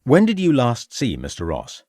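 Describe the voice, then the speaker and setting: A man's voice: mid-range voice, huge pitch swings, normal speed, darkish tone, husky, no echo, studio quality, pitched above the performer's own voice. A man voicing a determined Victorian police inspector who questions people formally and urgently.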